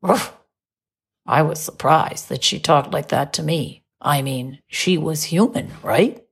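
A woman narrating a children's storybook from a dog's point of view, gentle and expressive, rising high when surprised. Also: a little slow, vocal fry, breathy edge.

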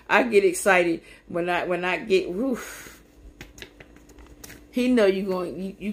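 A woman preaching on a livestream in a fervent, repetitive cadence that climbs into shouts. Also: mid-range voice. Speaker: podcast host. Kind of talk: preaching on a social media livestream. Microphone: phone or webcam on a livestream.

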